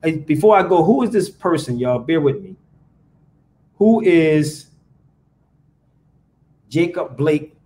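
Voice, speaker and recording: A man's voice: a little high, big pitch swings, slow pace, long pauses, warm tone, a little hiss or hum. A man hosting a live podcast, ranting profanely and firing rhetorical questions at his viewers. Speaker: podcast host. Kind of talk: casual live-stream rant.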